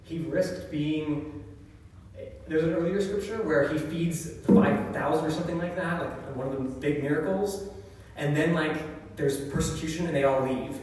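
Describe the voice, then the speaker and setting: A man's voice: fairly high pitch, normal speed, a little mellow. Man, church speaker, chatty and reflective talk, heard from a distance in a big reverberant hall with faint room noise. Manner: casual and reflective, often asks "right?". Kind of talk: conversational scripture talk. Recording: echoey hall from far off.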